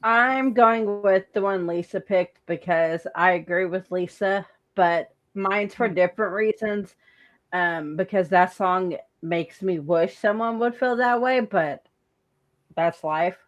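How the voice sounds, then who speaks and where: A woman talks slowly on a casual podcast. She sounds soft-spoken and wistful. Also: mid-range voice. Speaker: podcast co-host.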